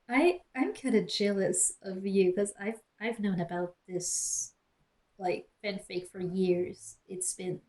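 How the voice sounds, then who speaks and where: A young woman streamer, recorded roughly through a cheap gaming headset in a small closed room, reads a story aloud while mocking it with sarcastic asides and mumbled jokes. Her voice sits at medium pitch and is slightly mellow.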